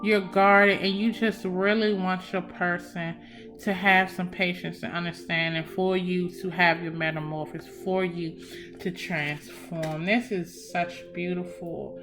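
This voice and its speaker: A woman's voice: fairly low pitch, flat delivery, unhurried. A young woman giving a casual psychic love reading, emphatic and chatty, speaking straight to her viewers. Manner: warm, emphatic, addresses viewers as y'all. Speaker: tarot reader. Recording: faint background music.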